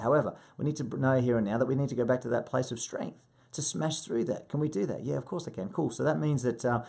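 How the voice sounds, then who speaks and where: A man in his thirties coaching a sales team, swearing freely and acting out client calls with big jumps in pitch. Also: vocal fry, a little mellow, breathy edge.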